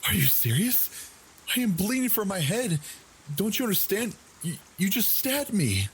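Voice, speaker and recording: A terrified woman cries out in a high, strained voice, as a deep-voiced male narrator puts her on. She is panicked and bleeding, pitched far above the reader's usual register. Soft rain patters behind. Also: normal speed, a little hiss or hum, lightly acted. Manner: high-pitched frantic crying out.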